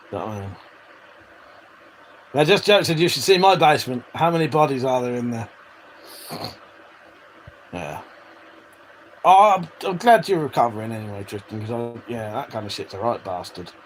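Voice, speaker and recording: A man's voice: medium pitch, animated, moderate pace, long pauses, slight background noise, low-quality recording. A man hosting a casual live stream, reading out chat messages, swearing freely and chuckling between remarks. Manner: chatty, swears freely, laughs often. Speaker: livestream host reading chat.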